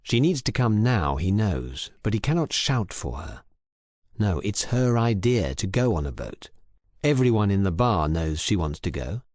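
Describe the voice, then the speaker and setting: A man reading a crime story aloud in clear, measured narration for English learners. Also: on the low side, big pitch swings, darkish tone, no echo, clean studio sound. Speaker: audiobook reader.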